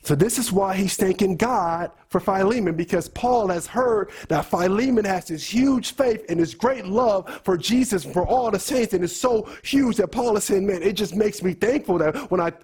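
Husky-voiced man preaching with emphatic repetition. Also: sits high, normal speed, hardly any pauses, a little mellow. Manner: emphatic, repeats words, mixes scripture with casual talk. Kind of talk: sermon teaching on a letter.

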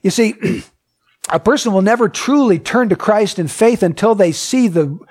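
A man's voice: high voice, a little slow, a little mellow. A man preaching a sermon. He reads scripture aloud, asks the listeners many questions, and repeats his points with emphasis. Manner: emphatic and repetitive.

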